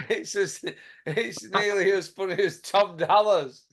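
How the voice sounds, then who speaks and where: Host, slightly high, blunt banter, often laughing, sweary. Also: male voice, steady tone, takes it slowly, slight background noise. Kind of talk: casual chat.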